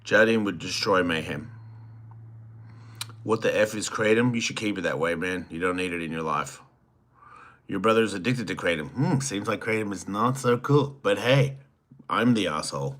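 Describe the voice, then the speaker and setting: Lowish, forceful Australian man. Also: moderate pace. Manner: crude, teasing and rambling. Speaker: host. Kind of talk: solo livestream reading chat.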